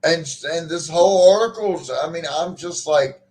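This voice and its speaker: A man's voice: a little high, moderate pace, darkish tone. A man co-hosting a casual podcast chat, ranting with profanity and frequent restarts. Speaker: podcast co-host.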